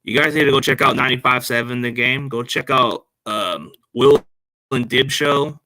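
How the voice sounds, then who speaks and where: A man's voice: mid-range voice, normal speed, sharp tone, no echo. A man hosting a sports podcast on a laptop mic, chatting casually and rambling in slang. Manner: rambling, slangy, addresses listeners as man and dude. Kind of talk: casual chat. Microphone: laptop microphone.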